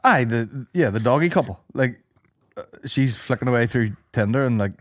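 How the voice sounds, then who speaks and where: A man's voice: mid-range voice, expressive, moderate pace. A man hosting a podcast, chatting casually and laughing a lot as he riffs jokes. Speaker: podcast host. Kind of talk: casual chat.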